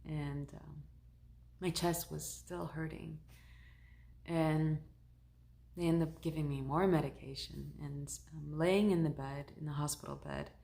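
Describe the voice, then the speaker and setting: A woman who works as a shaman, recounting a personal story in a conversational, animated way. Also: sits low, measured pace, vocal fry.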